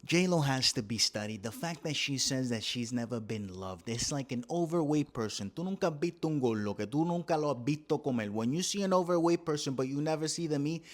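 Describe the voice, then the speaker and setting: A man's voice: medium pitch, lively intonation, a little fast, hardly any pauses. A man with a Puerto Rican accent, hosting a comedy podcast in a casual, profane rant that switches between English and Spanish. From Puerto Rico. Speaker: podcast host.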